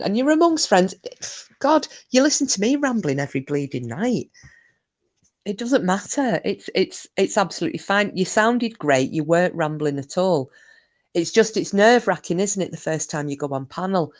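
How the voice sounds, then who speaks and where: Reading her chat aloud on a casual livestream, a middle-aged woman swaps bawdy, cheeky jokes with her audience. Her voice sits on the low side, animated and at a normal speed.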